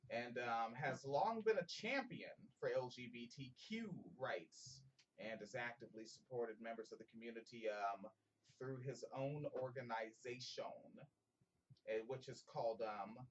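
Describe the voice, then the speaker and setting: A man's voice: medium pitch, recorded from a distance, dull audio, a little hiss or hum. A man hosting a casual comedic podcast, reading a news story aloud with many fillers and stumbles, and joking with profanity. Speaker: podcast host.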